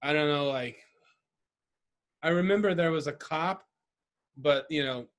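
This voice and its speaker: Co-hosting a podcast, a man keeps the casual chat rambling, loose, and profane, laughing often. His voice is a little high with a fairly bright tone, and he speaks at a measured pace.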